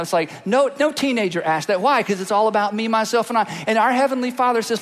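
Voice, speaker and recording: A man's voice: very high-pitched, lively intonation, quick pace, fairly bright tone. A man preaching a sermon as pastor, emphatic and repetitive, rallying the congregation. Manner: emphatic, repetitive, rallies the crowd. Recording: echoey hall reverb.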